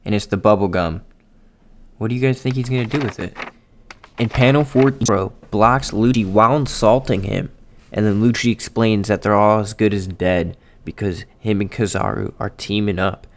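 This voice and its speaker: A man doing a casual, excitable manga chapter readthrough for his viewers, swearing often and talking straight to them. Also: lowish voice, moderate pace, a little hiss or hum. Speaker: anime and manga YouTuber.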